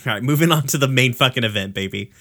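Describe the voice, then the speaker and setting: A man's voice: medium pitch, a bit bright. A man co-hosting a podcast, recapping a cartoon episode in rambling casual chat, swearing freely and laughing often. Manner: rambling, profane, laughs often, voices characters in quick asides.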